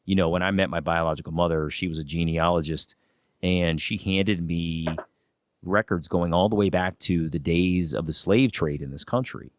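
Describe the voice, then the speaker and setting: Deep-voiced man hosting a podcast. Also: no echo, studio quality. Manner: reflective, measured, draws out key words. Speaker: podcast host. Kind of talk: podcast interview.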